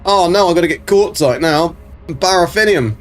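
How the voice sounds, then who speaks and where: A man's voice: a little high, expressive, moderate pace, faint music behind. A man chatting casually on a game live stream, rambling with many ums while reading chat aloud.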